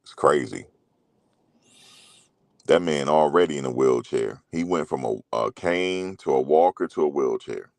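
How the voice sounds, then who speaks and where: A man's voice: extremely low pitch, expressive, unhurried, gravelly, dry recording. A middle-aged man talking loosely and casually as a commentary host, rambling through stories with slang and profanity.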